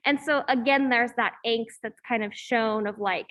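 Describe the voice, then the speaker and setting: A woman's voice: fairly high pitch, normal speed, a bit bright. A young woman student leading a class discussion over a video call, hesitant with many fillers, in an echoey room. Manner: hesitant, many ums and likes. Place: room in a campus hall, echoey.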